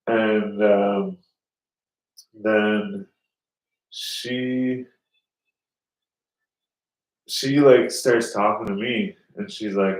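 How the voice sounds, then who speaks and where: A man's voice: fairly low pitch, steady tone, very slow, pauses often. A man telling a rambling story in casual podcast chat, swearing often and acting out the people he quotes. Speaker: podcast host. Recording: roomy, mic at a distance.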